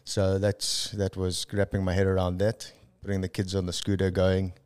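A South African man in his forties, a podcast guest talking in an easygoing, reflective way with frequent pauses. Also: low voice, monotone, darkish tone, clean tone. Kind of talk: casual podcast conversation.

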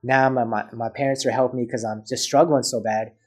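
Husky fast-talking man telling his story. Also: mid-range voice. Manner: animated retelling, acting out both sides of conversations. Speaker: podcast guest. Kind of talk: personal storytelling in a casual podcast chat.

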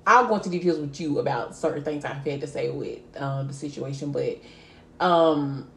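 A woman's voice: low-pitched, moderate pace, gravelly, a bit bright, slight background noise. A woman co-hosting a casual podcast chat, reacting to her friend's stories with teasing remarks and laughter. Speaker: podcast co-host. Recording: echoey room.

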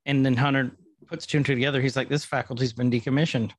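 A man's voice: medium pitch, steady tone, fast talker, husky, dry recording. A man co-hosting a casual podcast, chatting and joking as he recaps an episode. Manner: playful, jokey, retells scenes. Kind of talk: casual chat.

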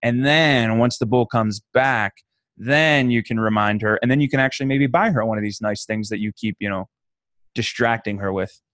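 In dry, studio-quality audio, a male podcast co-host hands out playful, tongue-in-cheek advice during casual chat. He speaks in a mid-range, slightly bright voice at a moderate pace.

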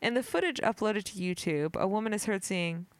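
Female podcast host, mid pitch, giggly, trips over words, dry sound. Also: animated, a little fast, clear, resonant tone, no room sound. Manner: giggly, stumbles on words while reading. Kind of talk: casual chat, reading an article aloud.

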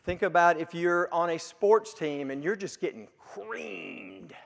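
A man's voice: high voice, measured pace, creaky, big-room sound. A man preaching a sermon as pastor, with emphatic rises and drops as he quotes scripture.

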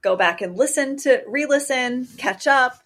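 A woman's voice: sits high, measured pace, fairly bright tone. A woman from Hawaii co-hosting a podcast, chatting candidly, giggling and exclaiming often. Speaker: podcast co-host. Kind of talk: casual chat.

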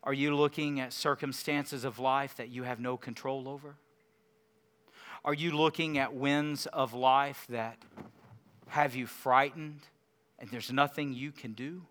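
A man preaching a sermon, swinging from loud emphasis to hushed quiet lines and asking the congregation questions. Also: medium pitch, fairly even intonation, unhurried.

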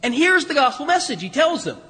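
A man's voice: very high-pitched, very animated, a little fast, sharp tone, in a large hall. A man preaching a sermon as pastor in a church, telling the story conversationally with humor and plenty of restarts. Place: church sanctuary.

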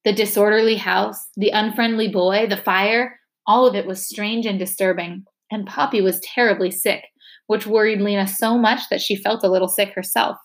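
Lady reading a chapter book aloud, steady and expressive. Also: mid-range voice. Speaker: reader.

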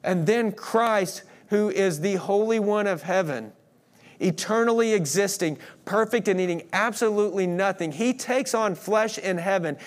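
A man preaching a sermon, earnest, swinging between emphatic declarations and hushed moments. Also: high voice, moderate pace. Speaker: pastor.

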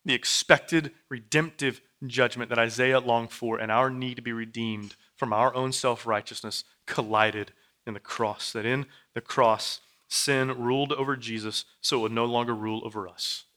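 A man in his thirties preaching a sermon in a church, repeating and building his phrases, dropping to a hush and then rising loud. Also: medium pitch, steady tone, moderate pace. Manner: repetitive, building phrases, swings from hushed to loud. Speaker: pastor. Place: church sanctuary.

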